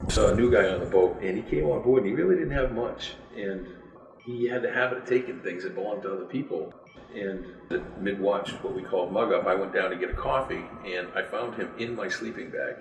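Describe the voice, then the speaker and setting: A man's voice: on the low side, gravelly, roomy sound, far from the mic, lo-fi sound. An older man, a retired fisherman, telling a story step by step. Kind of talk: storytelling interview.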